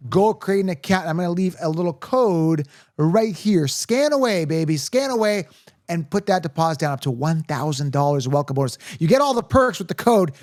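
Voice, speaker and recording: A man hosting a casual sports podcast, energetic and hype-driven, laughing often. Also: a little high, brisk, no room sound, studio quality. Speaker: podcast host.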